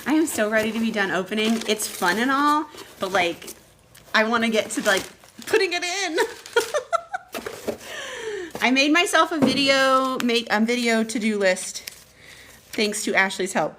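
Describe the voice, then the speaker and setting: A woman librarian chatting casually as she unboxes packages on a live stream, reading notes aloud with excited bursts. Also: on the high side, moderate pace, background noise. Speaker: school librarian.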